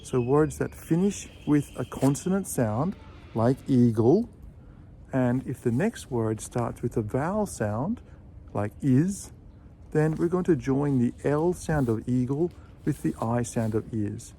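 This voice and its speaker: A man teaching English pronunciation in a video lesson, patiently repeating example phrases slowly. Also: medium pitch, lively intonation, dark tone. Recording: faint background noise with birdsong.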